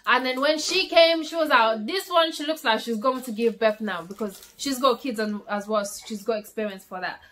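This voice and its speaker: A young woman vlogger tells a story from her own life at home, speaking casually to her viewers. Her voice sits a little high and sounds bright and sharp. She keeps the telling animated and piles up repeated words for emphasis. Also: normal speed, few pauses.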